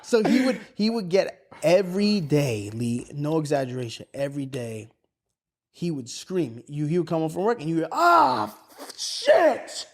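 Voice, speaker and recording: A man's voice: on the high side, animated, moderate pace, a little mellow. A man, co-hosting a podcast, telling a story in a casual way and acting out the voices of the people in it, with a lot of swearing. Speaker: podcast co-host.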